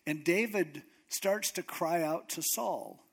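A male pastor retells a scripture story in a casual, conversational sermon. His voice sits a touch high, and he narrates with lively, informal asides. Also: takes it slowly, creaky, husky.

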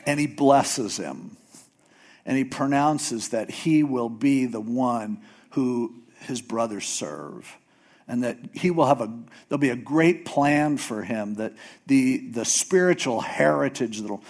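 A man preaching a sermon, retelling a story in a casual, animated way. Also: medium pitch, takes it slowly. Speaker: pastor.

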